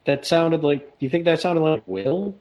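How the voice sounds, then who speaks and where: A man's voice: fairly high pitch, animated, moderate pace. A man co-hosting a podcast remotely, teasing the others in a dry way. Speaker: podcast co-host. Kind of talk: casual joking banter. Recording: dull remote internet line.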